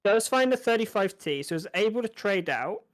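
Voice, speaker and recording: A man's voice: sits high, animated, fairly quick. A man commentating a card game match, analytical and stumbling over small restarts as he talks through the plays. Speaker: esports caster. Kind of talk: play-by-play commentary.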